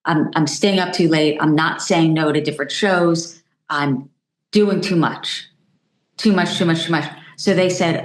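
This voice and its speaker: Animated woman telling stories, echoey room. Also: deep voice, a little slow. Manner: animated storytelling, acts out quoted voices. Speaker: journalist guest. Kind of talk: conversational podcast interview.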